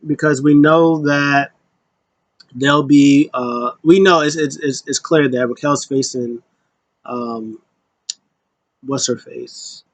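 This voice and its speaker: A young man casually recapping a wrestling show, rambling with lots of fillers and sudden excited bursts. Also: medium pitch, slow pace, long pauses, no room sound.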